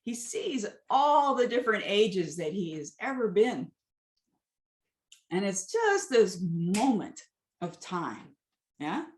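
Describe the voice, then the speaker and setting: Female movement teacher, unhurried and gentle, telling a story while she guides; roomy sound. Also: mid-range voice, big pitch swings. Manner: gentle, soothing guidance mixed with a story.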